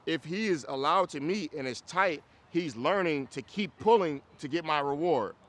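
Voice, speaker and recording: A man leading an outdoor dog training class, explaining casually, checking that students follow and breaking into loud, high praise for the dog. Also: animated, moderate pace. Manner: casual, explains with repeated checks like "you get what I'm saying". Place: outdoors in a city.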